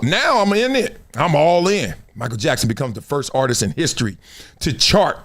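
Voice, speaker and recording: A middle-aged man hosting a live sports and culture stream, talking in loose slang with loud bursts and low asides. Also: moderate pace. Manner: animated, slangy, jumps between loud bursts and low mutters. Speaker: show host.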